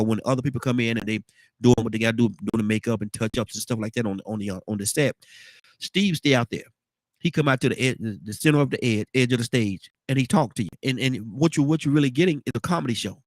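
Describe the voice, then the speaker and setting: A congested man with a baritone voice hosting a casual morning talk show, rambling and repeating his words. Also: fast, dry recording. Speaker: radio show host.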